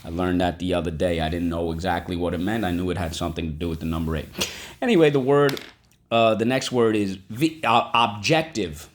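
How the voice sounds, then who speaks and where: A man's voice: low-pitched, a little fast. A man teaching a vocabulary lesson, spelling words out and checking in often with the class. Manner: animated, spells words aloud and checks in with "okay? right?".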